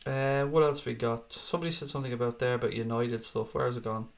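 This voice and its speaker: A man's voice: mid-range voice, fairly even intonation, quick pace, creaky. A man in his thirties hosting a fan live stream, reading chat and answering in a blunt, chatty way, swearing freely and calling viewers mate.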